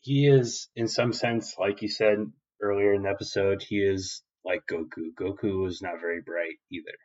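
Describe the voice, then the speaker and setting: Rambling low-voiced podcast host. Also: male voice, steady tone, moderate pace, darkish tone. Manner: rambling, filler-heavy, swears freely. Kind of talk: casual episode recap. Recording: dull lo-fi recording.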